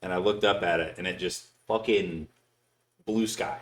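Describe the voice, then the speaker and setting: A man's voice: low-pitched, moderate pace. A man chatting casually on a podcast, telling stories with plenty of swearing. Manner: profane, animated storyteller. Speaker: podcast co-host. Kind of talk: casual chat.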